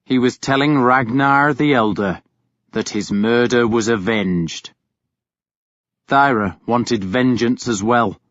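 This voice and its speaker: Slow, measured male audiobook narrator. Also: mid-range voice, a bit bright, no room sound. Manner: measured, grave storytelling. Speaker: audiobook reader. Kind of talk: scripted first-person narration. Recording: dull, dry studio recording.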